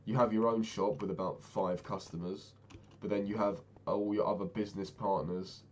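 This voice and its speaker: Young man, fairly low voice, casual exasperated storytelling, swears, faint background noise. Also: steady tone, moderate pace, lo-fi sound. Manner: exasperated, swears freely, lots of fillers.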